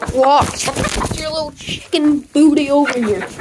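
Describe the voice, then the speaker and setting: A woman's voice: high-pitched, measured pace. A woman chatting playfully to her backyard chickens in baby talk, outdoors in a coop. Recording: noisy coop with clucking hens. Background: chickens clucking.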